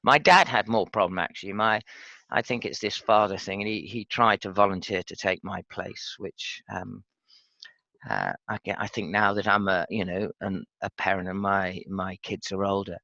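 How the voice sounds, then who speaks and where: A British man in his fifties, a former pilot telling his story frankly and reflectively in an interview, halting with fillers. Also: low-pitched, fairly even intonation, gravelly, bright, forceful tone, dry recording, highs cut off. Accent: British English. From Britain. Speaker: podcast guest, former RAF pilot.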